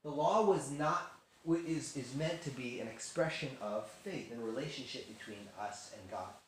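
A man giving a casual, animated Bible lesson to a youth group, acting out quotes and laughing as he goes. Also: medium pitch, moderate pace. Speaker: youth teacher. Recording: very echoey room, faint hiss.

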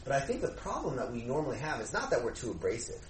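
A man leading a youth group discussion in an animated way, often asking rhetorical questions and acting out exchanges. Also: mid-range voice, fast talker. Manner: animated, asks rhetorical questions, acts out dialogue. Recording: echoey room, faint background noise.

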